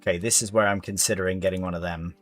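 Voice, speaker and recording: A man's voice: low voice, steady tone, very fast, a bit bright, faint music behind. A young man chatting casually on a gaming stream, rambling to his viewers and calling them mate. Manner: rambling, chatty, chuckling, talks to chat as mate. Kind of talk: casual live-stream chat while playing.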